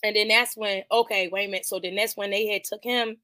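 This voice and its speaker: A woman's voice: medium pitch, fast. Slangy woman telling a movie story. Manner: animated, slangy storytelling with frequent profanity. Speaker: podcast host reviewing a film. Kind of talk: casual movie commentary.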